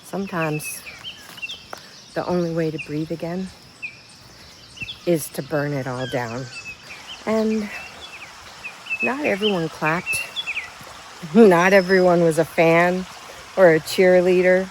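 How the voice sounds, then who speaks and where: A woman in her fifties talks slowly and unhurriedly, frank and blunt, laughing between thoughts. She is outdoors by a river, with soft natural sound faintly behind her. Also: on the low side, background noise. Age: 50s. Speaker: vlogger. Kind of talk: candid personal storytelling.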